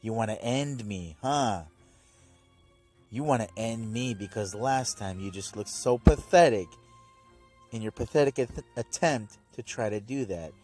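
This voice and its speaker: A man's voice: lowish voice, a little slow, a little mellow, soft background music. A man voicing a smug, sinister male villain, gloating and taunting. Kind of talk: casual episode recap with voiced quotes.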